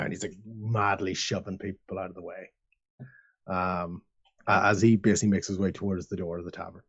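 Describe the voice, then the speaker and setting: A man's voice: low voice, fairly even intonation, a little fast, breathy edge, muffled recording. A man narrating as game master of a tabletop game, rambling with lots of fillers.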